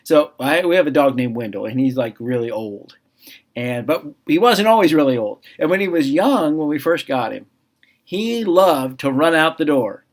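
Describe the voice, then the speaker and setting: A man with a somewhat high voice talks through a children's Bible lesson in a relaxed, chatty way. He keeps turning to his listeners with questions. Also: normal speed, faint music behind. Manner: conversational, asks listeners questions.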